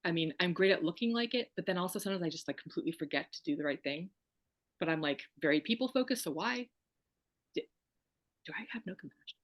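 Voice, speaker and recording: A woman's voice: fairly low pitch, lively intonation, fast talker. A woman guest on a podcast, telling her own story in an emphatic, wry, candid way. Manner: emphatic, wry, acts out quoted voices.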